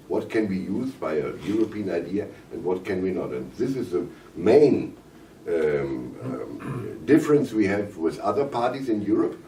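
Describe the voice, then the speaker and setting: A man with a German accent, hoarse and coughing, speaking haltingly at a press conference with many fillers and restarts. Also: deep voice, mellow, a little hiss or hum. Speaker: visiting parliamentarian at a press conference. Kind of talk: press conference remarks in English. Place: conference room. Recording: roomy, distant mic, faint ambience.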